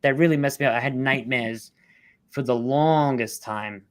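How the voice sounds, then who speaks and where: A middle-aged man, a rescue worker telling his story in an interview, blunt and halting, fighting back tears. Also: mid-range voice, no room sound. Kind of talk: emotional storytelling.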